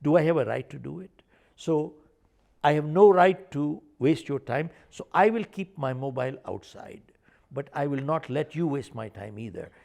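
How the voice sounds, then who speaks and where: An older man speaks in an interview, his voice gravelly and somewhat high, swinging widely in pitch as he tells stories. He drives each point home with forceful repetition. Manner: emphatic, repeats points for stress. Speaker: author and speaker. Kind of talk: animated interview storytelling.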